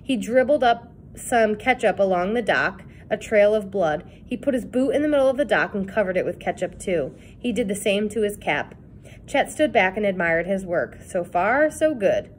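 A woman's voice: mid-range voice, expressive, normal speed, slight background noise. Woman reading a children's story aloud. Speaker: reader. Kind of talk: read-aloud storybook narration.

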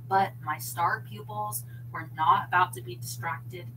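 A woman reading a novel aloud on a livestream, expressive, with chatty asides to her viewers. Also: lowish voice, measured pace, hardly any pauses, noisy background. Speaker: audiobook reader.

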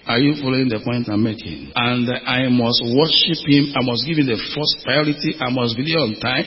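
A man's voice: mid-range voice, steady tone, normal speed, slight background noise. A man from Nigeria preaching a sermon as pastor, with emphatic questions thrown to the congregation. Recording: muffled audio with long hall reverb.

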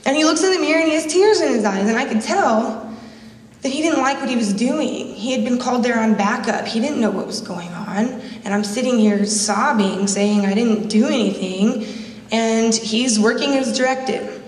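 A woman's voice: a little high, moderate pace. A woman giving a conference speech, telling a personal story with emotion and repeated phrases. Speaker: speaker at a conference. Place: conference hall. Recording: echoey hall, mic from a distance.

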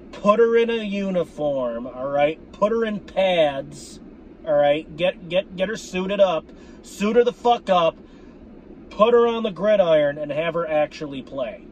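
A sports fan vlogger rants to his viewers about his football team in a high-pitched voice, with a little hiss or hum on the recording. He swears often, repeats himself, and keeps calling his audience "folks."

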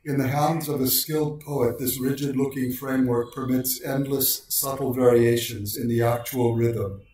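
A man giving a precise, measured lecture on poetic meter and slowing down to recite lines of verse. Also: mid-range voice, fairly even intonation, darkish tone, slight background noise. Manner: precise, deliberate delivery, slows for quoted lines. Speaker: lecturer on poetry. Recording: very echoey room, voice far from mic.

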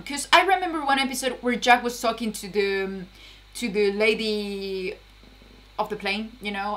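A young woman talks through her reaction to a TV episode in loose, excitable commentary, swearing freely. Her voice is bright and sits a little high. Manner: excitable, swears often, laughs a lot. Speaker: reaction video host.

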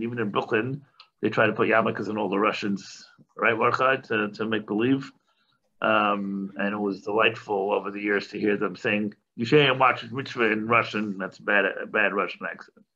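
A rabbi with a lowish, bright and forceful voice gives a loose, conversational lecture. He jokes and trips over his own words as he goes. The recording is dull and lo-fi. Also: husky. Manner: chatty, joking asides, many restarts. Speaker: rabbi teaching a class. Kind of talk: informal lecture.

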